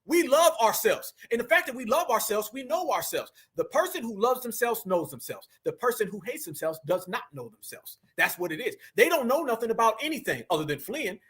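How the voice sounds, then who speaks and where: A man's voice: extremely high pitch, very animated, a little fast, few pauses, a bit bright, slightly rough. A man hosting a casual livestream, reacting to a clip and teasing his audience in a mocking, joking way. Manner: mocking, teasing, addresses chat directly. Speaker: livestream host.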